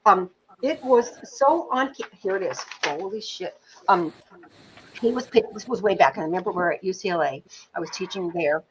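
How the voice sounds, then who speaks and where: A middle-aged woman, a film producer and pitching teacher, telling anecdotes in an interview in an animated, chatty way with many fillers. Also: moderate pace, slight background noise, rough recording. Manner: animated storyteller, many fillers like "you know", occasional swearing.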